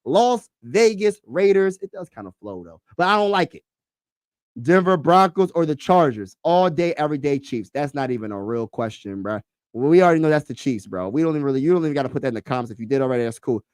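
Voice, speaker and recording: A man hosting a casual sports talk livestream, excitable and slangy, repeating himself and talking to his chat. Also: mid-range voice, fast talker, dry recording, studio quality.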